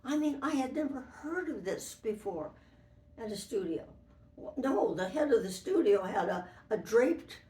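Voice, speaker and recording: A woman's voice: medium pitch, expressive, a little slow, dark tone, recorded from a distance. An older woman being interviewed, telling anecdotes from long ago in a rambling way with restarts. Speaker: interviewee, former model for an animated fairy. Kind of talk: reminiscing interview. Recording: roomy, from away from the mic.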